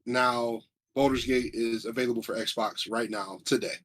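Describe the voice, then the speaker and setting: A man co-hosting a casual live stream, chatting excitedly and rambling a little as he reads viewer comments aloud. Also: mid-range voice, normal speed, a little hiss or hum. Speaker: stream co-host. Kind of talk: casual chat about video game awards.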